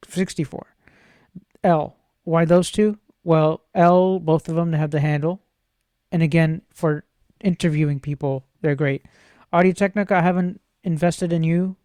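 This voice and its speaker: A man's voice: on the high side, dark tone, dry recording. A man vlogging casually, playful and jokey, rambling to himself about gear and laughing often, close on a studio microphone.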